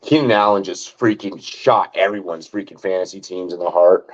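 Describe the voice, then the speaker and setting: On a dull, lo-fi recording, a male fantasy football podcast host speaks in a low voice at normal speed. His casual sports chatter wanders, repeats words, leans on "like," and includes some swearing.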